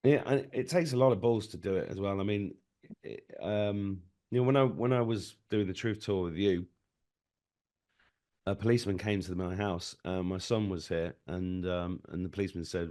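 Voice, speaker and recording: Animated middle-aged man, low voice. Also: normal speed. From Britain. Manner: animated storyteller, acts out voices in anecdotes. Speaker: guest. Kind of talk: casual conversation.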